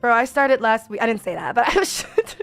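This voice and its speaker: A woman's voice: a little high, very animated, fairly quick, fairly bright tone, faint music behind. A woman streaming a casual chat, rambling with many fillers and reading viewer messages aloud.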